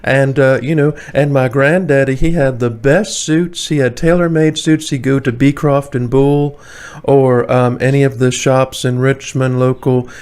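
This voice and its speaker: Man, Tidewater Virginia accent, middle-pitched voice, rambling, chuckling, casual vlog talk. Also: fairly even intonation, a little slow, darkish tone, clear, resonant tone. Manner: chatty, rambling, many fillers, chuckles often. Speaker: vlogger. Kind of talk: casual opinionated monologue. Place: indoors, warm room.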